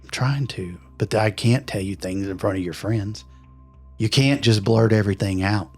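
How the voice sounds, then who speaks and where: A man voicing a secretive, brooding male vampire who speaks quietly and hesitantly. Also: lowish voice, normal speed, slightly rough, soft background music. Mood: guarded.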